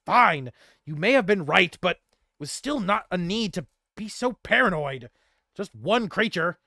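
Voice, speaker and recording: A tiny gnome king with a stubborn, proud streak, as a man puts him on. He talks gruffly and bluntly, in a voice lifted a bit above a natural male range. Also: sits high, big pitch swings, measured pace, bright, forceful tone, no room sound, clean studio sound, voice pushed up, full character voice. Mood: grudging.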